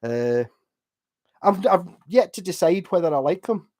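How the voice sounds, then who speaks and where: A man's voice: high voice, animated, unhurried, darkish tone. A man, a bit drunk, rambling casually on a late-night home livestream while reading out chat and laughing often.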